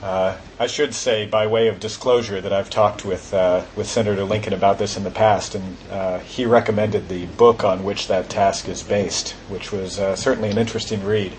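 A man moderating a panel discussion, relaxed and quick to laugh, using plenty of fillers. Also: lowish voice, a little hiss or hum.

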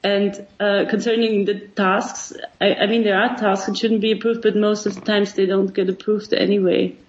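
Female panelist, mid-pitched, halting with ums, lo-fi call sound. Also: little pitch movement. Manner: hesitant, many ums. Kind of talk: panel discussion.

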